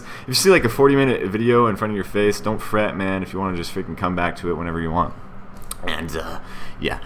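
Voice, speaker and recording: A young man talks casually at his computer at home, walking through a tutorial. His voice sits low but has a bright, forward edge. He rambles, loses his train of thought and keeps tossing in filler slang. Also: a little hiss or hum. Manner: rambling, chatty, says "man" and "freaking" a lot. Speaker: YouTuber explaining a layout tutorial. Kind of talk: casual screen-recorded tutorial. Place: room at home with air conditioning running.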